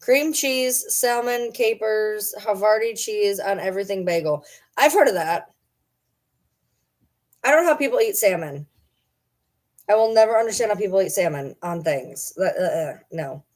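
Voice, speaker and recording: A woman's voice: medium pitch, animated, moderate pace, darkish tone. A woman chatting casually with her viewers, rambling and teasing as she talks to her pets in between. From Michigan. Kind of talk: casual chat.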